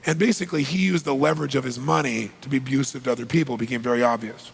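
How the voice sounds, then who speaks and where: A middle-aged man telling a story to an audience in an animated way, dropping to low asides and breaking into loud bursts. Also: racing, vocal fry, slight background noise.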